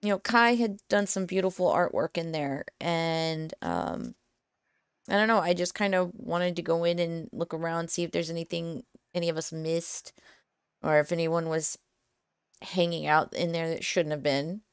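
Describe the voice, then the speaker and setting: Gravelly, lower-voiced woman player. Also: normal speed, no room sound, studio quality. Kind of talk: playing a tabletop game in character.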